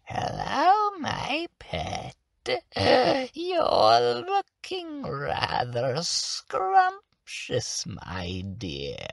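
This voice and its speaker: A man's voice: gravelly, husky, no room sound, studio quality, exaggerated voice. A man doing a strangled, sing-song old hag. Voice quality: constricted, strangled, high, swooping between high and low. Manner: slow, sing-song, drawn-out coaxing with whispered asides. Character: creepy old female hag, wheedling and hungry. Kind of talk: tabletop game voice demonstration.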